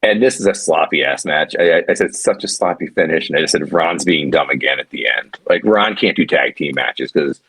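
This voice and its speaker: A man co-hosting a casual podcast chat, rambling and animated, with frequent restarts and swearing. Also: a bass voice, a little fast, hardly any pauses, breathy edge, no room sound. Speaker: podcast co-host.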